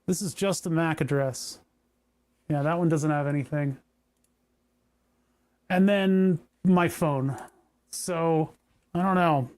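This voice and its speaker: Male streamer, higher pitch, casual rambling tinkering talk with wry jokes. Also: slow, long pauses, darkish tone. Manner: rambling, joking, talks to chat while working. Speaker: maker streaming a hardware project.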